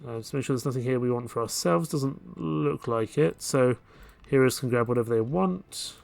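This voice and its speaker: This let's play host has a creaky, mid-range voice and talks at a normal speed. Relaxed and chatty, he narrates his play and ponders his next steps aloud, with game music faintly audible.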